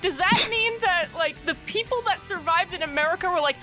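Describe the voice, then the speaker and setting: High-voiced animated woman chatting. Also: fairly quick, faint music behind. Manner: animated, laughing often. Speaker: podcast host. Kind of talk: casual fan podcast chat.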